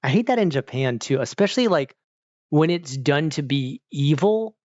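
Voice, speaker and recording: A man's voice: a little high, expressive, normal speed, a little mellow, no room sound, lo-fi sound. A man streaming and chatting casually with viewers, rambling, saying "like" a lot and laughing often. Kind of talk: casual chat.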